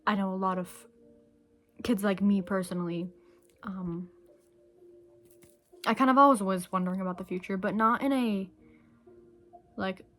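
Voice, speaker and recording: A woman's voice: mid-range voice, moderate pace, long pauses, a bit bright. A young woman talking to camera in a rambling, emotional way, sometimes dropping to a whisper and chewing candy as she speaks. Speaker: vlogger. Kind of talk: casual reflective monologue.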